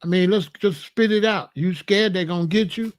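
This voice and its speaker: Confrontational man with a high voice. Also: normal speed, dry recording, clean studio sound. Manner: confrontational, repeats questions, preachy. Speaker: host answering a viewer. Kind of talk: live-stream commentary.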